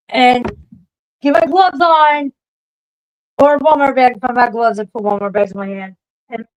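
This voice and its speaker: A woman with a fairly high voice rants casually on a livestream. She swears freely and shouts at her pets. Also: rough recording. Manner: profane ranting, yelling at her pets. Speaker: streamer.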